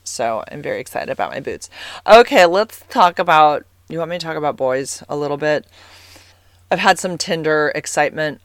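A woman's voice: low voice, no room sound. A woman in her forties from California, chatting casually to camera as a vlogger in a rambling way, full of fillers and "like"s. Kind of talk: casual personal storytelling.

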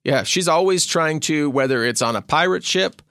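A man's voice: fairly high pitch, animated, moderate pace, pushed and bright, dry recording, clean studio sound. A man co-hosting a casual chat about tabletop characters, speaking thoughtfully and restarting his phrases. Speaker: podcast co-host and player.

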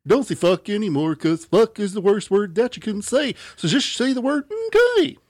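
A man voicing a prim male cartoon school counselor who lectures in a high, lilting voice. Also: sing-song, normal speed, darkish tone, dry recording, clean studio sound. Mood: lecturing.

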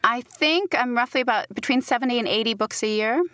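A woman's voice: a little high, fairly quick, bright, forceful tone, dry recording. A middle-aged woman from Britain, an audiobook narrator, telling stories animatedly and laughing often in a casual interview.

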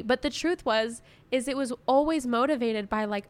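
Young woman, podcast co-host, fairly high voice, chatty, laughs easily. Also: fairly bright tone, smooth, dry recording. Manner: chatty, laughing, quick to relate personal stories. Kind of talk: casual podcast chat.

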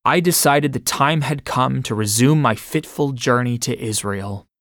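A man reading a first-person memoir aloud in a measured way. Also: mid-range voice, fairly bright tone, dry recording, clean studio sound. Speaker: audiobook narrator.

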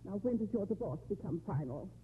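A woman's voice: medium pitch, expressive, a little fast, natural voice. An actress playing a lonely, sardonic older woman who drinks too much, in 1950s radio drama style, with a mocking, theatrical manner. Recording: dull, faintly hissy 1950s radio broadcast.

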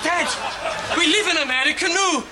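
A man's voice: very high voice, normal speed, crowd noise, noisy background. A man voicing a defiant, whiny teenage son in a cartoon. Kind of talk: cartoon voice acting.

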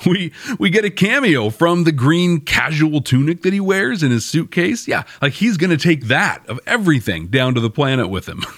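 A man's voice: on the high side, sing-song, normal speed, few pauses, a bit bright, dry recording, clean studio sound. A man hosting a podcast, giving a chatty, wry recap of a TV episode. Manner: chatty and wry, laughing at his own jokes. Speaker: podcast host. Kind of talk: casual episode review narration.

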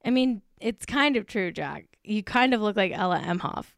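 Smooth-voiced woman ranting casually. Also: medium pitch, animated, normal speed, no room sound, studio quality. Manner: ranting, swearing, filler-heavy. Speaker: podcast host. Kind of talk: casual pop-culture commentary.

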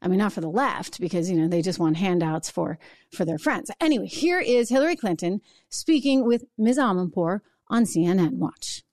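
A woman hosting a political talk show, talking in a brisk, sarcastic, conversational way. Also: mid-range voice, expressive, a little mellow, no room sound, clean studio sound. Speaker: political commentary host. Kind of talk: opinionated solo talk show.

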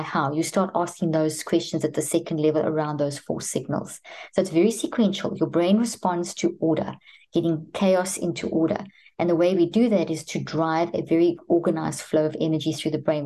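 A woman's voice: lowish voice, dark tone. A woman guest expert on children's mental health, answering interview questions methodically, step by step. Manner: methodical, step-by-step, acts out parent and child dialogue.

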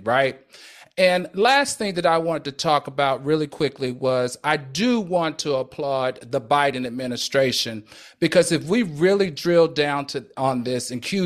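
Emphatic higher-voiced male co-host. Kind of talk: casual news commentary.

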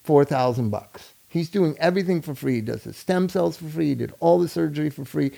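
Gravelly man telling a lively story. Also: fairly high pitch, brisk. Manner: animated storyteller, acts out quoted people. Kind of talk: casual chat.

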